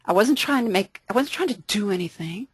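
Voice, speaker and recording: A woman leading a casual Bible study talk, conversational and lively, with frequent restarts. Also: mid-range voice, fairly quick, husky, no room sound.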